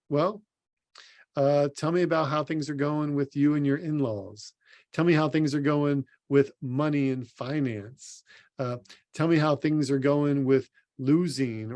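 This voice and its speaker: In a talk recorded for an online symposium, a sports psychologist motivates his audience with earnest, direct words aimed at "you." His voice sits a little high and sounds slightly mellow.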